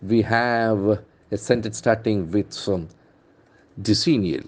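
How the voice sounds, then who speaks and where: A man with an Indian English accent teaching vocabulary from the newspaper, repeating words slowly and spelling out their letters. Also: fairly low pitch, lively intonation, darkish tone. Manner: enthusiastic, calls words beautiful and brilliant. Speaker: English trainer.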